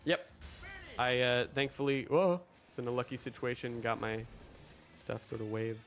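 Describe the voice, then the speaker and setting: A man's voice: medium pitch, moderate pace, soft background music. A young man hosting a casual livestream, chatty and rambling as he talks to his chat. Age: young adult. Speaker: livestream host.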